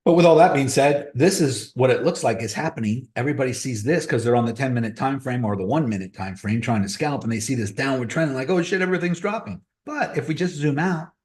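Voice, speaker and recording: A man's voice: mid-range voice, darkish tone, echoey room. A man hosting a crypto trading webinar, giving blunt, motivational advice in casual live-stream talk. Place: room on a video call.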